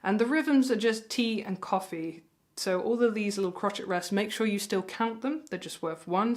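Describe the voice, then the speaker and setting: A woman's voice: mid-range voice, moderate pace, few pauses, faint music behind. A woman teaching ukulele, talking in a friendly, encouraging way and counting beats aloud as she plays. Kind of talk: music lesson with counting along. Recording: ukulele playing loudly behind. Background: ukulele playing.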